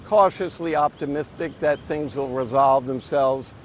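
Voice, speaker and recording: A man's voice: medium pitch, unhurried, a little hiss or hum. A man who owns a hotel, answering interview questions in a thoughtful, hesitant way. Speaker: hotel owner. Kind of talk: interview soundbite.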